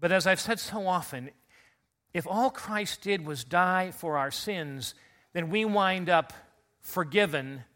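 Still getting over a recent illness, a middle-aged pastor gives his congregation an earnest Easter sermon in a voice on the high side. He builds toward loud, emphatic calls.

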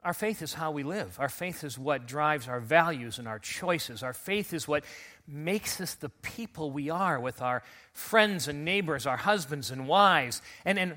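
Bright-voiced pastor preaching an Easter sermon. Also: male voice, on the high side, expressive, unhurried. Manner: earnest, builds to loud emphatic calls. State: recovering from illness.

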